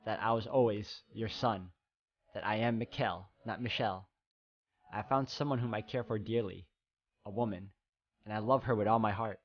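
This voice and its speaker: A gentle, earnest young man, voiced by a male gamer in a video game, speaking slowly and formally in a voice lower than the player's usual one. The sound is slightly dull and muffled. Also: close to an everyday voice. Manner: slow, solemn, formal reading.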